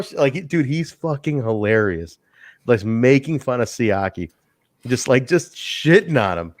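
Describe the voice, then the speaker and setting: A man co-hosting a casual podcast chat, laughing often and acting out quotes in a high voice. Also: expressive, measured pace, no echo, studio quality. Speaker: podcast co-host.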